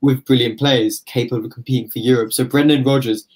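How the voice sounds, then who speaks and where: A man's voice: mid-range voice, fairly even intonation, fast talker, a little mellow. Male football pundit, casual podcast, confident analytical delivery. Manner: confident analytical, building points at length.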